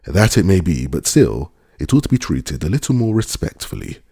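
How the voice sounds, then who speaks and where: A man's voice: low voice, sing-song, normal speed, warm tone, slightly rough, dry recording, studio quality, exaggerated voice. A man reading an old grey-whiskered landowner who talks in a genial, reflective, slightly lecturing way. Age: older.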